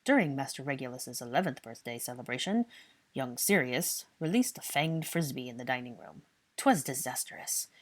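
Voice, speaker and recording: A woman voicing a fussy, servile old male house elf who croaks and talks in odd third-person grammar. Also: a bass voice, expressive, normal speed.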